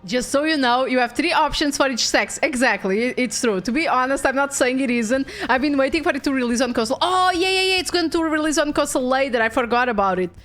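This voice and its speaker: A woman's voice: high voice, animated, fast talker, hardly any pauses, a bit bright, faint music behind. A young woman streamer chatting casually about a game, talking loosely and laughing often. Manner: chatty, frequent fillers and restarts, laughs often.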